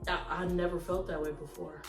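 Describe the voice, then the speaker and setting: A young woman hosting a vlog, telling her story in a relaxed, laid-back casual chat. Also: lowish voice, brisk, creaky. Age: young adult. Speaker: vlog host. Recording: roomy echo, faint music.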